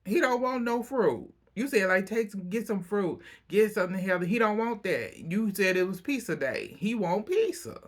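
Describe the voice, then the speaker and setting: A man casually recapping a reality TV episode, chatty and opinionated, breaking into animated asides. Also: high-pitched, moderate pace, hardly any pauses.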